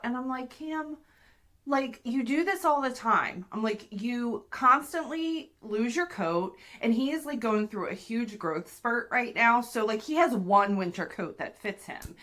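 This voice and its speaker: Candid, swearing woman telling a story. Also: mid-range voice. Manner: candid, profane, animated retelling with acted-out quotes. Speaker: podcast host. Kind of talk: casual storytelling.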